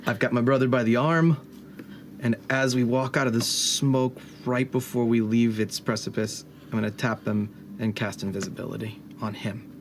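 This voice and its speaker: A man playing a tabletop game, declaring his character's actions in a lively, excitable way. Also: medium pitch, normal speed, noisy background. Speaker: player.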